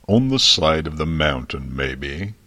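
A man voicing a huge, old, frank male dragon in a fiction reading, with a deep, thunderous voice. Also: sing-song, unhurried, pushed and bright, exaggerated voice. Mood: rueful.

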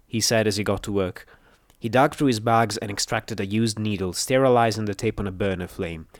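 A man reading a first-person adventure story aloud, brisk and earnest, close to the mic. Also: fairly low pitch, no room sound. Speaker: narrator.

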